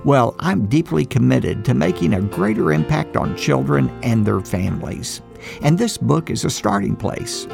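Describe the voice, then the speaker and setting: A man's voice: mid-range voice, gravelly. A man delivering an earnest scripted closing appeal as a radio program host at a studio mic. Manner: earnest, measured. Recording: music bed with guitar.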